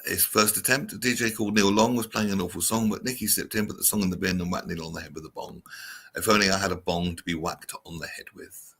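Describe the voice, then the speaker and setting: Chatty male host, gravelly, husky, lowish voice. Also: fairly even intonation, quick pace, a bit bright. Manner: chatty, reads out viewer comments. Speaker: show host. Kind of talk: casual chat show.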